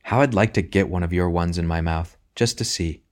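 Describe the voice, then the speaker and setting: A man's voice: low voice, a little fast, lightly acted. A man reading aloud, voicing a sly, scheming middle-aged baker who talks in a coaxing, insinuating way. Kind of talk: audiobook reading.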